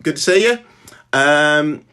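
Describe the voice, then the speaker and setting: A middle-aged man with a Birmingham accent hosts a casual live stream at home, greeting viewers by name in a halting way, with lots of ums and restarts. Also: a little high, animated, pushed and bright, clear, resonant tone. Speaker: author hosting a live stream.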